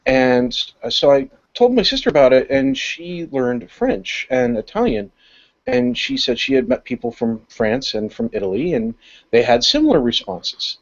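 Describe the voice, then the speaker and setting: A man from the United States co-hosting a podcast, telling a rambling, animated story in casual chat. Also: medium pitch, moderate pace, vocal fry, highs cut off. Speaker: podcast co-host.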